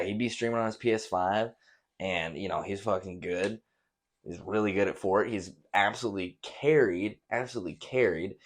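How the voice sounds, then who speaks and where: Laid-back, profane young man rambling. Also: fairly low pitch. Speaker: podcast host. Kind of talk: casual rambling monologue.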